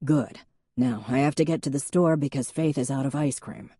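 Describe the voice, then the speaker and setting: Woman reading as a male police chief, deadpan, patient, low and dark, close dry sound. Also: moderate pace, husky, dry recording. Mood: dry, firm.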